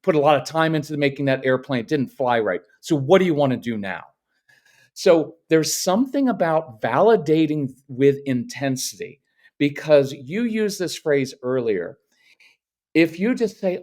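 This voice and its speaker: Animated man coaching on parenting. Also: a little high, normal speed. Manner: animated, acts out parent and child voices in examples. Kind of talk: casual interview advice.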